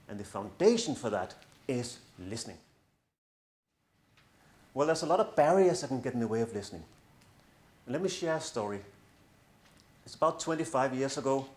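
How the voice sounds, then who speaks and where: A middle-aged man speaking as a coach to an audience, earnest and persuasive, with a touch of self-mocking humor. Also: mid-range voice. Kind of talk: presentation to an audience. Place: large room in front of an audience. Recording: echoey room.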